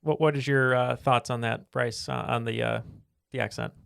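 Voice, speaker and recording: A man's voice: medium pitch, steady tone, normal speed, creaky, fairly bright tone, clear, resonant tone, no room sound, studio quality. A man hosting a podcast in a chatty, upbeat way with many fillers. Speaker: podcast host. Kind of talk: casual podcast chat.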